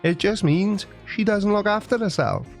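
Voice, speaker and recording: Welsh man, 40s, sarcastic comic monologue, slightly high voice. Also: animated, moderate pace, vocal fry, faint music behind. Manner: sarcastic, jokey. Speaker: YouTuber.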